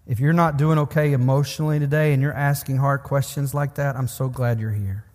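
Earnest preacher in a reverberant hall. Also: male voice, medium pitch, fairly even intonation, fairly quick, darkish tone. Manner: earnest, pastoral, rising emphatic repetitions. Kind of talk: sermon.

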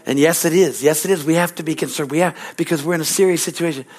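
A man's voice: on the high side, fast. A man preaching a fervent prophetic sermon and prayer, impassioned and repetitive, often breaking into hallelujahs and speaking as if voicing God in the first person.

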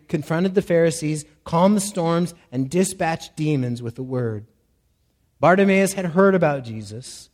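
Male pastor, fairly high voice, sermon delivery, emphatic retelling with raised cries. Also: darkish tone, long reverb tail. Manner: preaching with rising, emphatic cries in quoted pleas.

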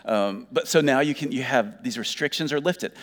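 A man's voice: medium pitch, normal speed. A middle-aged man preaching a sermon as a pastor, talking conversationally with joking asides and restarted words. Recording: reverberant hall.

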